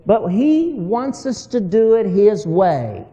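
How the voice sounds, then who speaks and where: A man's voice: high voice, slow pace, long reverb tail, muffled recording. A man preaching a sermon as a folksy story, often chuckling as he talks. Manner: folksy, animated, laughs while telling his story.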